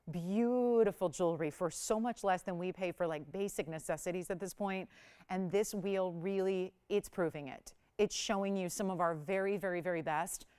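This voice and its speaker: This shopping channel host's voice is on the low side, with a darkish, clean tone. Broadcasting live from a TV studio, she pitches jewelry deals in a chatty, upbeat sales style.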